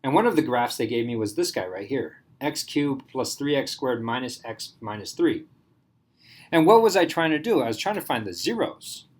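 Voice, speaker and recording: A man's voice: medium pitch, big pitch swings, moderate pace. Casual male math teacher thinking aloud. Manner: casual, thinks aloud, asks the class questions. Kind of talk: classroom math lecture.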